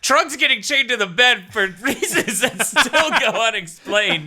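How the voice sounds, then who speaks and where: Sarcastic, profane man with a lively, bright voice. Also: high-pitched, a little slow, hardly any pauses. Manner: sarcastic, profane, mocking, acts out characters in silly voices. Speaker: podcast host. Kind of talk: casual podcast banter.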